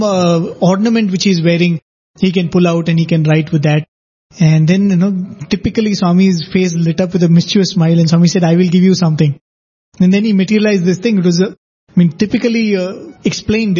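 A man with a high, mellow voice and a husky edge explains a story in an easy conversational way. He often drops in "you know" as he goes. The recording is dull and lo-fi. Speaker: co-host discussing scripture.

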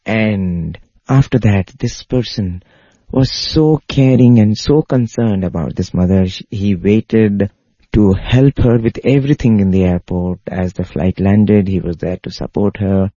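Deep, dark, husky male storyteller, earnest and repetitive; dry, dull lo-fi sound. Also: a little slow, no room sound. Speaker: spiritual speaker. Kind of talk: devotional storytelling talk. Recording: dull lo-fi recording.

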